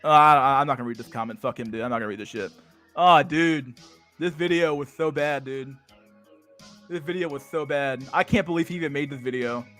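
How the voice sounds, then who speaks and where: A man's voice: fairly high pitch, a little fast, bright, forceful tone, soft background music. A young man hosting a casual livestream, with profane, slang-heavy talk full of "dude" and "bro" and frequent restarts. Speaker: livestream host.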